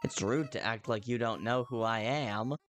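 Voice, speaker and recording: A man's voice: medium pitch, normal speed, fairly bright tone, soft background music, natural voice. A man voicing a falsely sweet evil talking flower from a video game, in a put-on Southern American accent, singsong and mocking. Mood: sugary. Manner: singsong, turning mocking and menacing.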